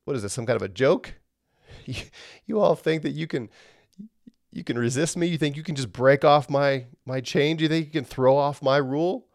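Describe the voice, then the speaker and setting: A man's voice: on the high side, normal speed, no room sound, clean studio sound, pitched above the performer's own voice, natural voice. A man voicing God as a mocking, amused and scornful almighty figure, with incredulous scoffing questions.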